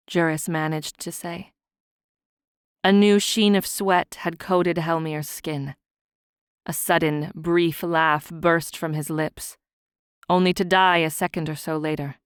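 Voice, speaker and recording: Slow, soft-spoken woman reading a fantasy audiobook. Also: fairly low pitch, steady tone, clean tone, no echo, clean studio sound. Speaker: audiobook narrator.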